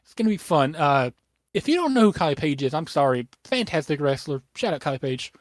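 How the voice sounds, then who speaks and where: A young man hosting a casual podcast, rambling excitedly with lots of fillers and restarts, his voice a little worn. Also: a little high, a little fast, no echo, studio quality. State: losing his voice. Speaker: podcast host.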